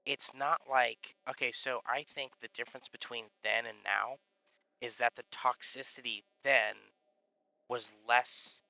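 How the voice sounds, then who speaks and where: A man's voice: mid-range voice, steady tone, measured pace, vocal fry, sharp tone, no echo, low-quality recording. A man chatting casually on a live stream, rambling with lots of fillers and swearing. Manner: rambling, profane, full of fillers.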